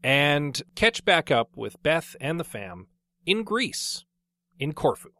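A man co-hosting a casual book discussion podcast, talking in a wry, relaxed way with jokey segues. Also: on the high side, slow pace, no echo, studio quality. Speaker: podcast co-host.

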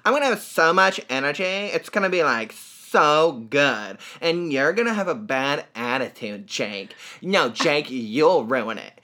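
A man's voice: on the high side, expressive, unhurried, hardly any pauses, bright, forceful tone. A man putting on a mocking impression of a peppy, overexcited woman who insists she will have lots of energy. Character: exaggerated peppy impression of his female co-host.

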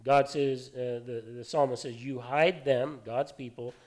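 A middle-aged male pastor preaching in a loose, conversational way, telling stories from his own life between verses. His voice sits at an ordinary mid pitch, and he fills pauses with easy "uh"s. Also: fairly even intonation, a little mellow. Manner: conversational, anecdotal preaching with frequent fillers. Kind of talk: sermon.

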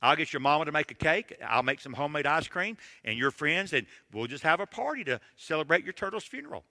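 A man voicing a kind father who soothes his grieving little son with quick, coaxing promises. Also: a little high, sing-song, sharp tone, dry recording, big-room sound, exaggerated voice. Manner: coaxing, rapid string of promises.

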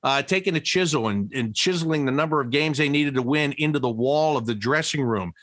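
A middle-aged man, a former broadcaster, telling stories in a casual interview, with many restarts and pitch that jumps up when he gets excited. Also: brisk, no echo, clean studio sound.

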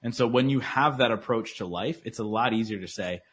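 A man's voice: lowish voice, a little fast, a bit bright, breathy edge. A man talking as a podcast guest in casual interview chat, earnest and motivational, with lots of likes and restarts. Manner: earnest, motivational, filler-heavy.

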